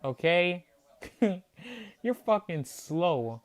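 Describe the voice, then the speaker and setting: Man, angry fan reaction rant, mocking, swings up and down in pitch. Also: big pitch swings, extremely slow. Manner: heated, profane, repeats himself for emphasis; mocking, disbelieving. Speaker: sports reaction host.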